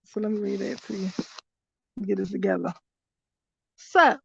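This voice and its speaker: A woman hosting a live card-reading stream, calling listeners honey and baby, bursting into loud exclamations and then reading slowly and softly. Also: mid-range voice, gravelly, breathy edge, dry recording. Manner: animated, exclaims loudly then reads slowly in a hushed voice. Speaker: spiritual reader hosting a livestream. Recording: dull lo-fi livestream audio.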